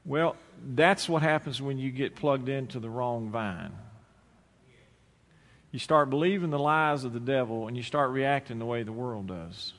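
A man's voice: mid-range voice, measured pace, fairly bright tone. Folksy male preacher in a reverberant church. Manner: folksy, acts out both sides of a story. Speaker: pastor. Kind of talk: sermon with storytelling. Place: church sanctuary. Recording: church hall with long reverb.

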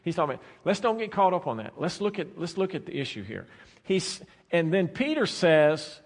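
A man preaching a sermon as pastor, swinging between soft, drawn-out phrases and loud, emphatic bursts. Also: a little high, sing-song. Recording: long reverb of a large hall.

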